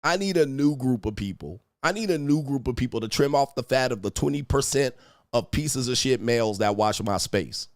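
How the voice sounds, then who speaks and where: A man's voice: mid-range voice, expressive, normal speed, no room sound, studio quality. A man hosting a live stream, delivering an angry, profane rant full of insults and scornful laughter.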